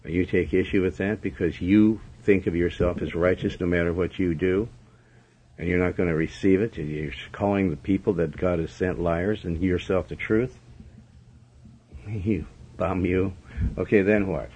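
Blunt low-voiced male preacher, lo-fi. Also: fairly even intonation, moderate pace, a little mellow, slightly rough. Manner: blunt, scolding, repetitive emphasis. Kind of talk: sermon commentary. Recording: dull lo-fi recording.

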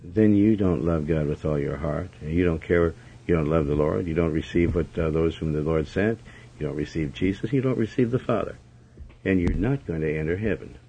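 A man's voice: a bass voice, a little fast, mellow, a little hiss or hum. A man preaching a sermon commentary in a blunt, scolding way, hammering his points with repetition. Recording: dull lo-fi recording.

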